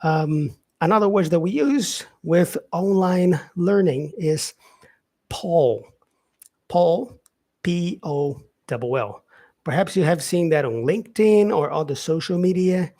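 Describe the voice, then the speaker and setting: A man teaching English vocabulary on a live stream, explaining slowly and filling pauses with "yeah" and "um". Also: high-pitched, animated, a little mellow. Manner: explains slowly, with many fillers and repeated "yeah". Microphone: facing camera, streaming live.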